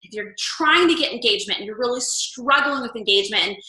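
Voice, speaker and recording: A woman leading a casual coaching call for her fitness business team, chatty and animated. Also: on the high side, fast. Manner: chatty, animated, acts out quoted lines. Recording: echoey room.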